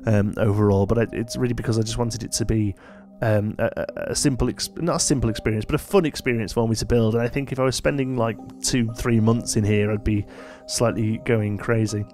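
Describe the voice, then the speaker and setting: A man's voice: lowish voice, steady tone, fairly quick, darkish tone, soft background music. Tired, rambling man. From United Kingdom. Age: adult, married. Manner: rambling and chatty, many fillers and asides. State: tired, yawning late at night. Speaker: let's play host. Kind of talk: casual gameplay commentary.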